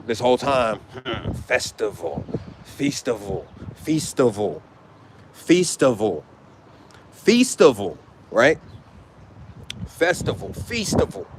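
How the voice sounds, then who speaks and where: A man's voice: mid-range voice, background noise. A man, lecturing in a profane, rambling way, full of rhetorical questions. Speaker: online commentator. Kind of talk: casual monologue to camera.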